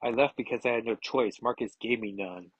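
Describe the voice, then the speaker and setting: A man reading aloud the lines of a grieving, angry woman superhero, with a husky voice. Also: medium pitch, fairly quick, no room sound, natural voice, rough recording. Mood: anguished.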